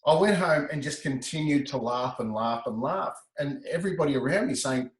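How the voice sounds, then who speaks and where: Animated man telling his story. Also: medium pitch, brisk, hardly any pauses, reverberant, rough recording. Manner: animated, breaks into laughter, repeats words. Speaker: interview guest, laughter specialist. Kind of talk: storytelling in a casual interview.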